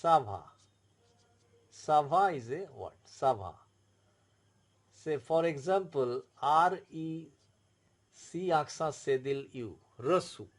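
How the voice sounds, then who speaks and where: A man with an Indian English accent teaching a French lesson, explaining slowly and repeating words and spelled-out letters. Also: a little high, expressive. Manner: slow, repetitive, spells out letters. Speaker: French tutor. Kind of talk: classroom explanation.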